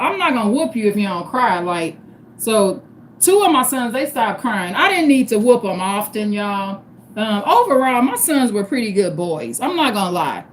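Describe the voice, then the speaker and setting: A woman's voice: on the high side, slight background noise. Blunt, profane middle-aged woman livestreaming. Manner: blunt, profane, addresses viewers as y'all. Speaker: livestream host. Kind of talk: unscripted livestream talk.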